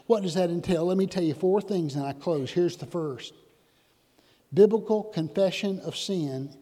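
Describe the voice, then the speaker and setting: A man preaching a sermon in a church, animated and conversational with sudden loud outbursts. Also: high-pitched. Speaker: pastor. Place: church sanctuary. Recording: long hall reverb.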